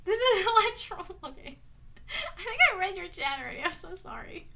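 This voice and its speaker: A woman's voice: very high-pitched, expressive, fairly quick, vocal fry, sharp tone, recorded from a distance. A woman livestreaming in a casual chat, giggling constantly and rambling while she fiddles with things off to the side. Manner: busy with her hands while talking, distracted. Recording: voice a bit off-mic.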